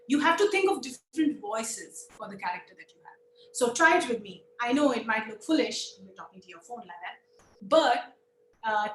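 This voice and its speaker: An Indian woman leads a puppetry workshop, upbeat and encouraging, slipping between English and Hindi. Her voice sits a little high. The room gives it a noticeable echo. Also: fairly bright tone, slight background noise. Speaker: puppetry teacher. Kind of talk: online workshop teaching. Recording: echoey room.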